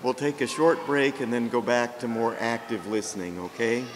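An older man, a priest, preaching a sermon with jokes, told in a slow and gentle storytelling way. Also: mid-range voice, steady tone. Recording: long reverb, faint background noise.

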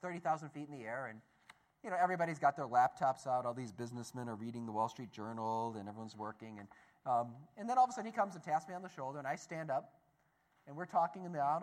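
A man giving a talk as a Catholic speaker, telling a story to an audience in an animated way, swinging between loud and soft. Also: mid-range voice, quick pace.

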